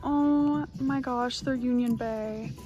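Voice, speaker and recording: A woman's voice: fairly high pitch, fairly even intonation, slow pace, dull audio. A young woman from Texas, gushing in a bubbly, exclamation-filled way as she chats through a thrift-store vlog and voice-over. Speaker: thrift vlogger. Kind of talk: excited casual vlog chat and voice-over. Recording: music playing behind the voice.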